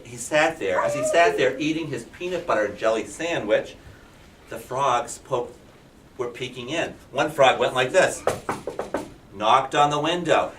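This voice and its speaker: Animated male kindergarten teacher telling a story. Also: medium pitch, noisy background. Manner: animated, questioning, prompting children. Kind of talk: read-aloud storytelling to young children. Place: classroom. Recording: roomy classroom from a distance.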